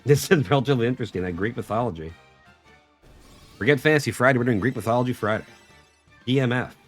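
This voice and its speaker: A man's voice: medium pitch, fast talker, faint music behind. A man chatting casually and joking with profanity while streaming a game. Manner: joking, profane, lively banter. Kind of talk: casual gaming chat.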